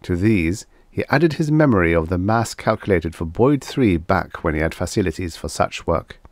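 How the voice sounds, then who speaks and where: Deep voiced guy reading an old sci-fi story, measured and even, dry close sound. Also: no room sound. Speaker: audiobook narrator. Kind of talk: scripted story narration.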